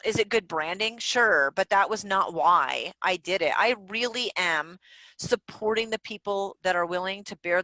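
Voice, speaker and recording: A woman guest on a podcast, telling stories in a candid, animated way and swearing freely. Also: medium pitch, no room sound, low-quality recording. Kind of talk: casual interview chat. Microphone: home recording setup.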